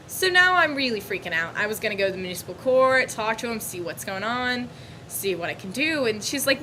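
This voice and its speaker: A young woman vlogger telling a story about her bad day in a casual, animated, exasperated way. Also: fairly high pitch, brisk, slight background noise, poor audio. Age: young adult.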